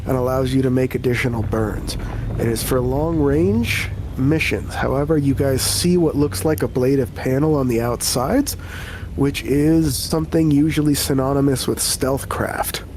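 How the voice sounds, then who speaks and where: A man serving as game master, narrating a tabletop game in an unhurried, descriptive way. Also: mid-range voice, a little mellow, a little hiss or hum.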